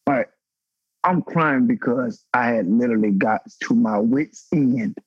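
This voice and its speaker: Husky guy in his 30s pouring out a heavy personal story, swears a lot, dry dull sound. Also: a little slow, dry recording. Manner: raw, emotional, profane, pitch climbing when stirred. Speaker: guest, former pro football player. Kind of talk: candid personal story on a podcast panel.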